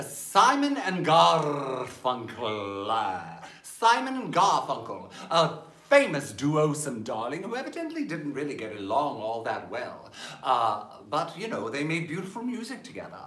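Campy Southern cabaret host, darling-drenched. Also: male voice, on the high side, bright, forceful tone, echoey room. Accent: Southern American. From Maryland, USA. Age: 50s. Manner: theatrical, languid, calls everyone darling. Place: home during lockdown livestream.

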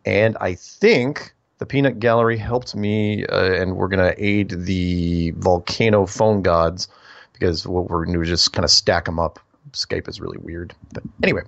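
Male radio host, gravelly voice, rambling announcements, dull dry lo-fi sound. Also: sits low, fairly even intonation, normal speed, dry recording. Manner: rambling, self-correcting, spells out contact details. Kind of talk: call-in radio show announcements.

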